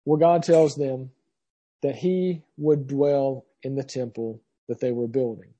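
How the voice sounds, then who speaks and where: Man, Bible teacher, husky mellow voice, reads scripture then explains with many fillers. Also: medium pitch, fairly even intonation, measured pace.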